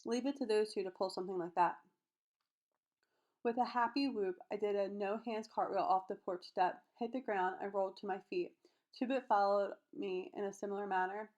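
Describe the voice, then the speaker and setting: A woman's voice: medium pitch, steady tone, moderate pace, darkish tone, dull audio. Woman reading a novel aloud. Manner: reads all characters in her own voice, occasional slips and restarts. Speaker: audiobook reader.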